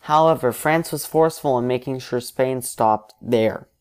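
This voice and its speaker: Male narrator for alternate history, steady and explanatory, mid-range voice. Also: medium pitch, moderate pace, clear, resonant tone.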